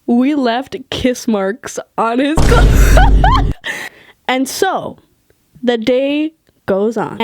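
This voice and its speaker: A young woman vlogger telling a story in casual, animated talk, swearing, laughing and acting out what others said. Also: a little high.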